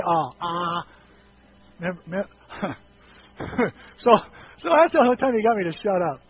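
A middle-aged male pastor preaching a sermon in a church, telling lively stories with self-deprecating humor. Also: very high-pitched, highs cut off, a little hiss or hum. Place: church sanctuary.

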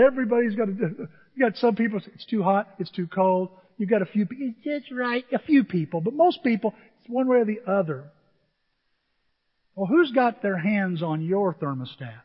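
Male pastor, high voice, emphatic sermon style that bursts loud on key words, long hall reverb, dull audio. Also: animated, normal speed, husky. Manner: emphatic, rising to near-shouts on key words; acts out congregants' complaints in mocking voices.

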